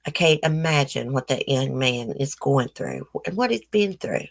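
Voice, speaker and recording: Low-voiced woman, blunt livestream chat. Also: animated, moderate pace, gravelly. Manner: blunt, opinionated, chatty with viewers. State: toothache, swollen face. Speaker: livestream host. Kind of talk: casual livestream commentary, reading news aloud.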